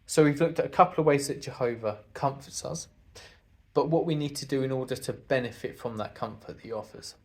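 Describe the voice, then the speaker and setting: A man's voice: medium pitch, fairly quick. A man giving an earnest sermon talk to a congregation, speaking conversationally and asking the listeners rhetorical questions.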